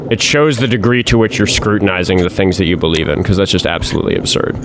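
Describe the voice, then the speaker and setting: A man's voice: low voice, fast talker, noisy background. A man hosting a live call-in debate stream, talking casually and sarcastically, with lots of fillers and restarts. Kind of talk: casual political call-in chat.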